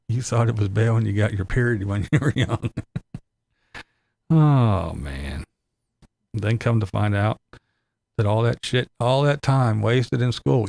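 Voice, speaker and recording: An older man with grandkids rants sarcastically in his vlog, cursing and laughing often throughout the monologue. His lowish, gravelly voice moves slowly, with long pauses and a darkish tone.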